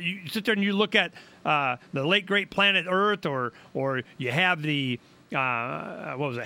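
A middle-aged man with a high, bright, forceful voice, hosting a political talk radio show. He rambles in an animated, colloquial way, jumping from thought to thought. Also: dry recording.

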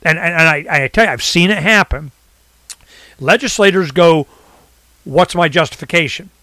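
A man talking in a casual rant, rambling and animated, often acting out what others say. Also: a little high, normal speed, dry recording. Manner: rambling, animated, swings into quoted voices. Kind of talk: casual ranting chat.

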